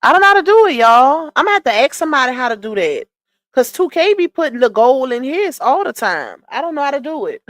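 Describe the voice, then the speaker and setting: Brief: woman live streamer doing gossip commentary, chatty, greets chat by name, a little high, dry close sound. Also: big pitch swings, fairly quick, a bit bright, dry recording.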